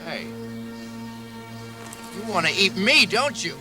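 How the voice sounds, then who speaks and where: An actor playing a whiny, smug, cowardly chauvinist jungle guide in a comedy film, with music in the soundtrack. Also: male voice, high voice, sing-song, slow, exaggerated voice.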